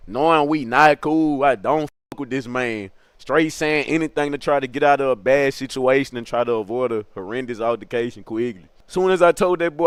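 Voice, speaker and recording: A young man telling a comic story from his youth, animated, laughing often, with crude slang. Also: mid-range voice, normal speed, smooth, no room sound.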